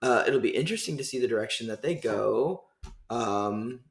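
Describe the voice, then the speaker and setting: A man hosting a casual film review chat, hesitant and filling pauses with ums as he thinks aloud. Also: mid-range voice, animated, creaky, echoey room. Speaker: podcast host.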